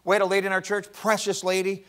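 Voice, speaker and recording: A man preaching in a chapel, high-pitched and bright. He turns animated and loud, then drops to hushed whispers. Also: quick pace. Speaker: pastor. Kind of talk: sermon. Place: college chapel.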